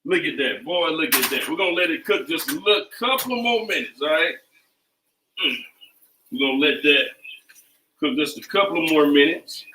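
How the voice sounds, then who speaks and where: A man's voice: a little high, lively intonation, normal speed, pauses often, bright, forceful tone. A man hosting a casual cooking livestream from his home kitchen, talking loosely and repeating phrases like a chant. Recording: echoey kitchen, mic at a distance.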